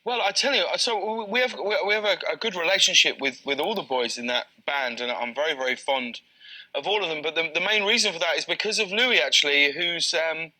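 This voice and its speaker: A man in his thirties, a talk show guest telling an animated story in casual chat, with quick bursts and many restarts. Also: a little high, rough recording.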